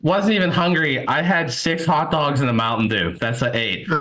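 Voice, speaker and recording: This comedian, a man in his thirties, delivers a stand-up set from his home computer through the computer mic on a video call. He speaks at a moderate pace in a fairly high, fairly bright voice, captured in a low-quality recording. His tales are rambling and self-mocking, with lots of fillers.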